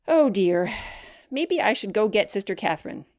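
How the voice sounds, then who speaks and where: A woman voicing a gentle, flustered middle-aged nun for a children's storybook, speaking softly and fretfully. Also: mid-range voice, big pitch swings, moderate pace, no echo, studio quality, natural voice. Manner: soft, mild, a little fretful.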